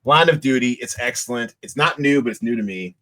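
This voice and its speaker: A man's voice: medium pitch, brisk, a bit bright. A man hosting a podcast, chatting casually about TV shows in a rambling way, with lots of restarts and fillers. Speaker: podcast host. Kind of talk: casual chat.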